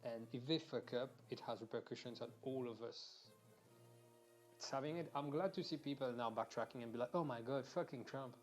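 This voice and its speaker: A man's voice: mid-range voice, a little fast, soft background music. Ranting young man. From Mauritius. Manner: animated, swearing, restarts mid-sentence. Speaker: streamer. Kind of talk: casual ranting during a game stream.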